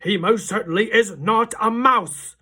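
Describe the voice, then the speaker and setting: A woman voicing a blustering, angry middle-aged English father who shouts and stammers. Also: very animated, moderate pace, breathy edge, full character voice. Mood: outraged. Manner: shouting, stammering, high-pitched outbursts.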